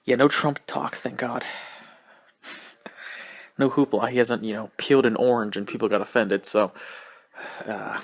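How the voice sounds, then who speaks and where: A young man hosts his own podcast alone, rambling loosely from one thing to the next. He swears freely, laughs often and rushes his words. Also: mid-range voice, steady tone. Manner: profane, rambling, laughs often, talks fast. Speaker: podcast host. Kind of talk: casual solo podcast rant.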